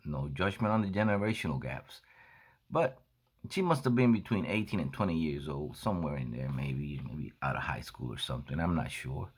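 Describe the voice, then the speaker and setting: A man's voice: extremely low pitch, animated, husky. A man who sells coffee, telling a story in a casual monologue and acting out the dialogue as he retells it. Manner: unhurried, acts out dialogue in his retelling. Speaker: coffee seller and vlogger.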